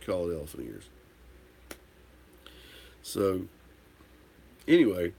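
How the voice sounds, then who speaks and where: Fairly low and dark-toned, a man hosting a casual livestream answers viewer comments while tipsy from drinking. He tells a rambling, candid story and swears casually.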